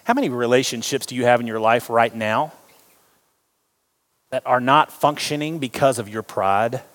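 Animated pastor in a reverberant hall. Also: male voice, medium pitch, moderate pace. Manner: animated, jokes with the congregation, acts out quoted voices. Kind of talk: sermon. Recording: long reverb of a large hall.

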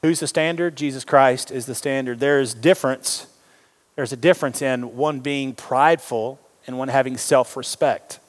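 A man preaching a sermon, animated and joking with the congregation. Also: medium pitch, moderate pace. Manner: animated, jokes with the congregation, acts out quoted voices. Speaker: pastor. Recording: long reverb of a large hall.

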